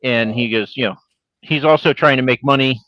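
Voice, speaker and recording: A talkative man spinning anecdotes and tips in a casual panel chat, at a middle pitch. His voice comes across very dry and close, with no room sound at all. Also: brisk, fairly bright tone, no room sound, rough recording. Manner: chatty storyteller, gives advice. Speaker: indie author on a panel.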